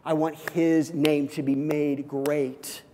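A man's voice: on the high side, flat delivery, slow, darkish tone, a little hiss or hum. A male pastor preaching a sermon in an earnest, emphatic way, repeating key phrases. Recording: long hall reverb.

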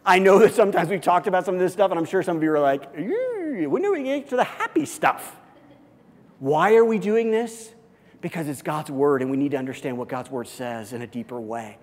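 A male pastor preaches in an earnest, emphatic way and hammers home key phrases by repeating them. His voice sits a bit high for a man. It rings out with the long reverb of a large church hall. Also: fast. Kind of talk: sermon.

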